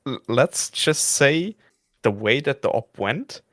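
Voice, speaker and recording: A man who is a regular player on a podcast, talking casually in halting bursts and laughing between thoughts. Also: medium pitch, animated, fairly bright tone, no room sound, clean studio sound.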